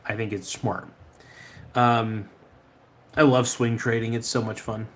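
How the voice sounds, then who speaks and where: Brief: casual male podcast host, mid-pitched, loose and rambling, swears freely. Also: level tone, unhurried, fairly bright tone. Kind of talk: casual chat reading viewer comments.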